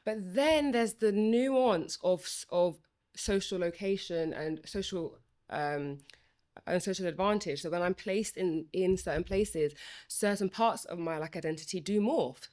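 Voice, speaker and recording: A woman's voice: lowish voice, darkish tone. A woman who stammers, speaking passionately on a podcast, with frequent restarts and filler sounds as she thinks aloud. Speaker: former student working in Parliament. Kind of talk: conversational podcast chat.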